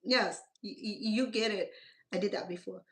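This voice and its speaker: A middle-aged woman with a Cambodian accent chats through a cooking video in loose, broken English. She wanders from story to story with lively asides, in a voice of ordinary pitch for a woman. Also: normal speed. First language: Khmer. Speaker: home cooking channel host. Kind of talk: casual chatty cooking talk.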